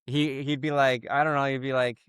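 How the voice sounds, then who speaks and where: A man co-hosting a comedy podcast, telling stories with lively acted-out quotes. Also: medium pitch, brisk, clean tone, no echo, clean studio sound. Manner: animated storyteller, acts out quoted people. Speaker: podcast co-host. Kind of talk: casual comedy podcast chat.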